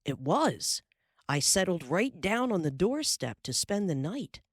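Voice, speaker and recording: Calm, low-voiced woman narrating. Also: unhurried, husky, no echo, studio quality. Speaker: audiobook narrator. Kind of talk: scripted narration.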